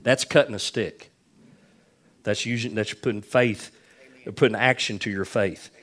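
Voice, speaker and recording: Male pastor, middle-aged, lowish voice, folksy repetitive sermon storytelling. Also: fairly even intonation, measured pace, a bit bright.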